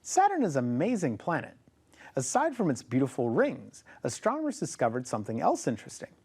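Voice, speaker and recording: A man's voice: mid-range voice, wildly swooping pitch, a little fast, a little mellow, husky. A man co-hosting a scripted astronomy program as a planetarium director, with an upbeat presenter's reading.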